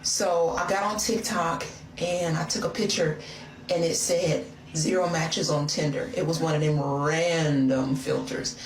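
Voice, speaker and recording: A woman's voice: low-pitched, steady tone, unhurried. A woman telling a personal story in a chatty, playful way, speaking straight to her listener. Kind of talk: casual confessional storytelling. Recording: roomy, distant, noisy phone audio.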